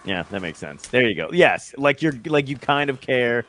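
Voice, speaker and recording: Laughing, animated male co-host. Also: medium pitch, normal speed. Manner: laughs often, joking. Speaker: podcast co-host. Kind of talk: casual comedic chat.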